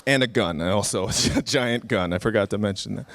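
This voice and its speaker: A man's voice: fairly low pitch, brisk, fairly bright tone, no echo. A comedian telling a story live, chatty and self-mocking, with frequent fillers and laughs at his own jokes.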